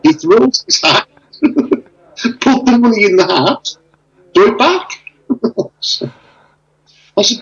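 A man chatting casually on a video call, telling stories with lively acted-out dialogue. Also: sits high, slow, gravelly, long pauses, highs cut off. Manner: animated storyteller, acts out dialogue. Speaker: interviewee.

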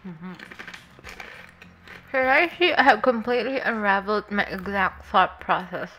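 A woman's voice: medium pitch, unhurried. A woman streaming a game, chatting casually with her viewers, giggling often and sometimes reading the game's lines aloud. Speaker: VTuber streamer. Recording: faint music underneath. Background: soft game music.

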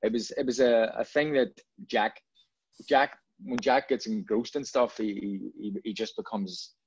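A man's voice: on the low side, fairly even intonation, unhurried, husky. A man, a bar owner chatting in an interview, rambling and repeating words as he restarts his sentences. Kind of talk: casual interview chat. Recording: dull lo-fi sound, dry.

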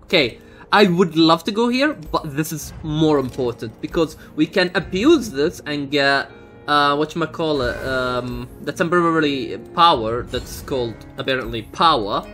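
A man's voice: fairly high pitch, animated, a little slow, bright, forceful tone, faint music behind. A young man giving live commentary on his own game run, exasperated and swearing, with frequent outbursts. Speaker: gamer streaming a speedrun.

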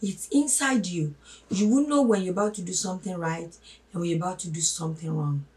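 A woman giving a spoken sermon, emphatic, swinging from loud stresses to hushed asides and calling listeners her brothers and sisters. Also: on the low side, brisk. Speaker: religious teacher. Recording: voice a little distant from the mic.

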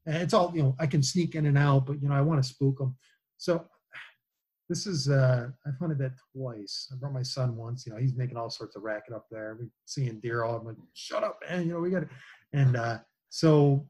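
A husky-voiced man tells a hunting story with animated energy, acting out each person's lines as he goes. His pitch sits in a middle range. He speaks casually, with plenty of restarts and asides. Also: fairly quick, poor audio. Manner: animated storyteller who acts out quoted lines. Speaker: podcast guest.

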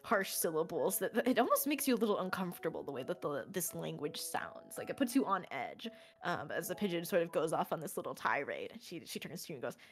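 A woman narrating a tabletop game as game master, casual and halting, with many fillers. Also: lowish voice, sing-song.

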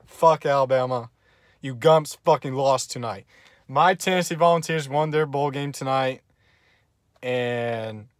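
A young man, gloating and laughing in an excited fan reaction vlog. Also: medium pitch, no echo, clean studio sound. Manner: gleeful, taunting, bursts into loud laughter. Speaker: vlogger.

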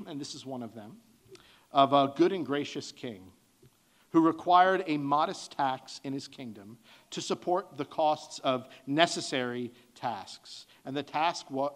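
A middle-aged man preaching a sermon to his church, earnest, lifting his voice for emphasis and dropping it soft. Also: a little high. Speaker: pastor. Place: church sanctuary.

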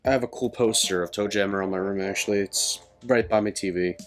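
A man's voice: fairly low pitch, steady tone, brisk, soft background music. A man co-hosting a let's play, chatting casually and rambling through stories while he plays. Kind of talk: casual gaming commentary.

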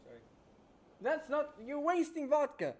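A man's voice: extremely high pitch, big pitch swings, measured pace, a little mellow. A young man in casual, joking banter while playing an online game with a friend. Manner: joking, bantering, bossy at times. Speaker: gamer. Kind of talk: casual gaming chat.

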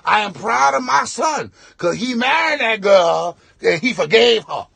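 Guy doing a drunk dad yelling slow at a wedding, high raspy voice. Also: very animated, dry recording, full character voice. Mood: boastful drunk. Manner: shouting, slow, slurring rant. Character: drunk loudmouth father of the groom.

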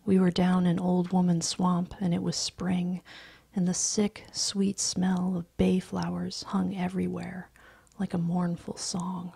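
Woman story reader, hushed breathy delivery, gravelly, low flat voice. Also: a little slow, no room sound. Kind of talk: soft-spoken story reading.

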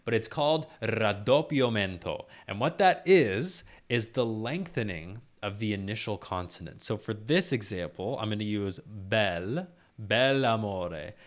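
A man with a low voice, a professional singer and vocal coach explaining singing technique step by step in a YouTube lesson. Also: animated, a little slow, few pauses. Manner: patient step-by-step explaining with sung and spoken demonstrations.

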